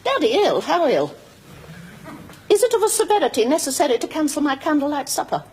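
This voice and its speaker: A man's voice: very high-pitched, sing-song, fairly quick, slight background noise. A pompous, indignant man.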